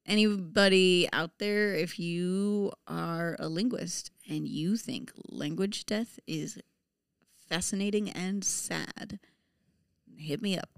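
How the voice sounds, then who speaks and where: A woman in her thirties co-hosts a podcast chat, her voice on the low side, slow, and marked by vocal fry with a clear, resonant tone. She laughs often and talks with many fillers and restarts. The studio-quality recording has no echo.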